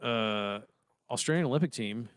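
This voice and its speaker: A man's voice: mid-range voice, normal speed, clear, resonant tone, no echo, studio quality. A man co-hosting a podcast, chatting casually about baseball and movies in a loose, rambling way. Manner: rambling, laid-back, swears casually. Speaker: podcast co-host. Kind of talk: casual chat.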